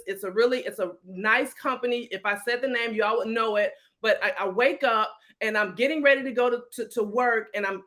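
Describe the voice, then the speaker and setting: High-voiced woman storyteller. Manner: animated, emotional storytelling with acted-out quotes. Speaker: real estate investment coach, guest. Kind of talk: storytelling in a podcast interview.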